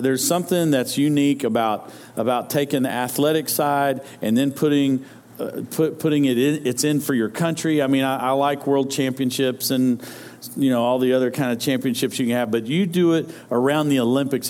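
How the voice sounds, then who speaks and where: A man's voice: medium pitch, darkish tone. A man preaching a sermon to his congregation, talking in a loose, conversational way and often stumbling over repeated words as he restarts his sentences. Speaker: pastor.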